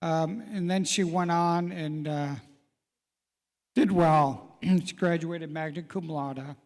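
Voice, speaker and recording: A man's voice: on the high side, fairly even intonation, takes it slowly, a little mellow. A middle-aged man hosting a live real estate event, folksy and encouraging as he calls out people in the audience by name. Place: large event hall. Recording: reverberant event hall.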